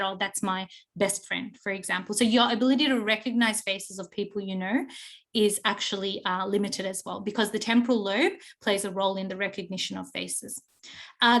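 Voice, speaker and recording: A young adult woman, a psychology teacher explaining to her class, often checking in with "okay?" and pausing on fillers. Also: mid-range voice, a bit bright. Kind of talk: recorded online class lecture.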